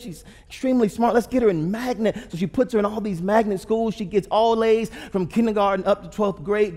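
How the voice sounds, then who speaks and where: A man's voice: sits high, a little mellow. A man in his thirties, a pastor telling a humorous story in a sermon and asking the audience questions. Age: 30s. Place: church auditorium. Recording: long hall reverb.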